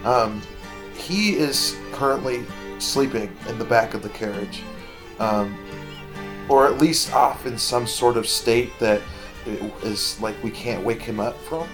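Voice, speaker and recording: A man's voice: medium pitch, takes it slowly, over music. A man playing a tabletop game, describing his characters hesitantly with many fillers. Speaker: player.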